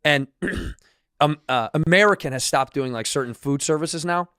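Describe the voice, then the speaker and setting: A man's voice: fairly high pitch, a bit bright, dry recording, studio quality. A man co-hosting a comedy podcast, riffing casually with plenty of swearing. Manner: rapid, profane, riffing. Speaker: podcast co-host.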